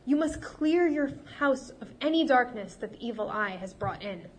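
Figure: a woman doing a cunning female healer. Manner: sweet, soothing, falsely sympathetic. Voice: fairly high, with a faint hiss behind. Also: animated, normal speed, lightly acted. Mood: confiding.

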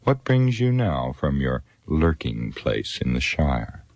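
A man voicing a proud, scornful old male wizard, speaking slowly and with measured sneering in a storybook reading. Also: rumbling low, sing-song, darkish tone, dry recording, exaggerated voice. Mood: cold.

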